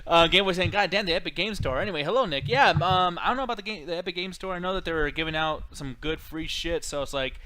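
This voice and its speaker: A man hosting a casual livestream chat, loud and playful, swearing often and reading out viewer comments. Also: a little high, quick pace, hardly any pauses, clear, resonant tone. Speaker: podcast host.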